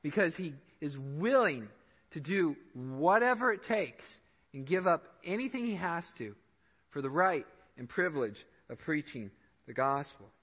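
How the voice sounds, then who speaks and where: A man's voice: a little high, sing-song, unhurried, breathy edge. A man preaching a sermon as a church pastor, emphatic, his voice climbing and dropping to stress his points. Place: church sanctuary. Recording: dull sound in a reverberant hall.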